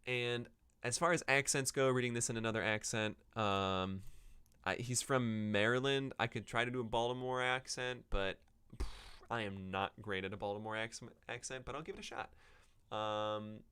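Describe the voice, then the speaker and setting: A man's voice: medium pitch, fairly even intonation, moderate pace, sharp tone, smooth. A man hosting a book-review podcast, talking casually without a script and rambling with many ums and self-corrections. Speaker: podcast host reviewing books. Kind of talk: unscripted casual podcast talk.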